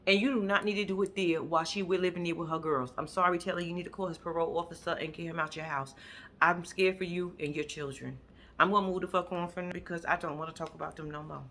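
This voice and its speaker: A woman recapping a reality show in a casual rant, blunt, sassy and profane, with sudden loud bursts. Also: fairly low pitch, fairly even intonation, fast talker, a little hiss or hum.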